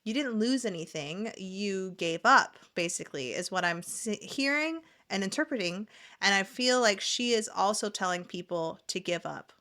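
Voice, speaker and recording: A woman hosts a casual reaction commentary, blunt and sarcastic as she picks clips apart. Her voice sits at an ordinary middle pitch with a bright, sharp edge. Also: expressive, normal speed. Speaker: reaction video host.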